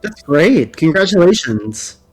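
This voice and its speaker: A man's voice: fairly high pitch, big pitch swings, unhurried, faint music behind. A man who makes videos, chatting as a guest on a stream in a wry, meandering way. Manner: wry, meandering, laughs mid-sentence. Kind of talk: casual chat.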